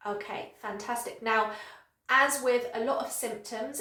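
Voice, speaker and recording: A woman English teacher speaks to camera in a slightly high voice, carefully exaggerating each word as she models it for learners. She keeps an encouraging, upbeat teaching manner throughout. The sound carries a noticeable echo from the room around her. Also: fairly even intonation, a bit bright. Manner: slow, exaggerated modelling of words with encouraging praise. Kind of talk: pronunciation lesson to camera.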